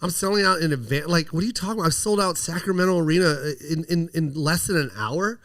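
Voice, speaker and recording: A man talking with real heat in an interview, his voice sitting a little high for a man. He hammers the same questions again and again and swears when he gets worked up. It sounds like an emphatic conversational rant. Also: fast talker, a bit bright. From United States. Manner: emphatic, indignant, repeats himself, swears. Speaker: comedian guest.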